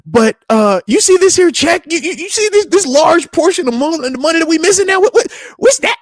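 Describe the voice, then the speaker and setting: A man voicing his wife as she gently scolds him over lost money, with pointed, teasing questions. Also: very high voice, animated, fairly quick, no echo, clean studio sound, pitched above the performer's own voice.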